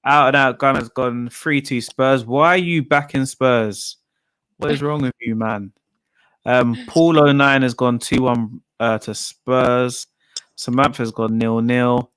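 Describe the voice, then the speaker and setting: A man's voice: mid-range voice, fairly even intonation, measured pace, fairly bright tone, clean tone, no room sound. A man hosting a casual football chat, chatty and laughing as he reads out viewers' predictions. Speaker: football podcast host.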